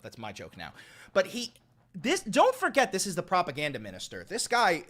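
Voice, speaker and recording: A man's voice: a little high, a bit bright. A man hosting a live political stream, ranting in a heated, profane and mocking way.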